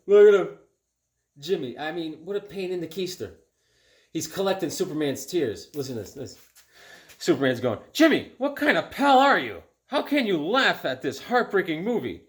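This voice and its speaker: A middle-aged man chatting casually and excitedly at home as he shows off his flea market comic finds. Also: fairly high pitch. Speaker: comic collector vlogger. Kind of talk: casual show-and-tell vlog.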